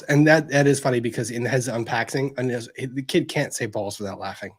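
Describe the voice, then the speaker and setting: A man hosting a livestream, chatting casually and gently as he answers viewer messages, with plenty of fillers and restarts. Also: mid-range voice, fairly quick, hardly any pauses, slightly rough.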